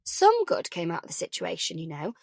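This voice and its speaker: A woman's voice: on the low side, wildly swooping pitch, brisk, vocal fry, a little mellow, no room sound, studio quality, exaggerated voice. A woman voicing a pushy, gossipy mother of three in an audiobook, talking in an effusive, lilting way. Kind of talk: audiobook character voice.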